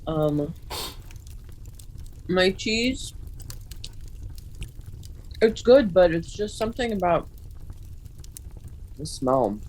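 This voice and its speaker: A woman in a casual chat, hesitant and filling her pauses with ums. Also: lowish voice, animated, a little mellow, poor audio.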